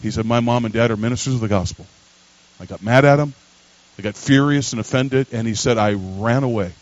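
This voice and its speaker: A pastor, telling a story in a sermon and building to loud emphatic preaching. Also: male voice, medium pitch, a little fast, no room sound, lo-fi sound.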